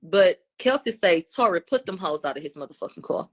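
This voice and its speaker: A woman recapping court testimony in a casual, animated way, using loose slangy speech. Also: fairly low pitch, a little fast.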